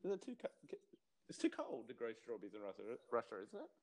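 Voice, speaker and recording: A man's voice: medium pitch, huge pitch swings, fast. A man co-hosting a podcast, joking around in casual chat and often cutting in with questions and laughs. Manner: interrupting, playful, laughs often. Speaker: podcast co-host.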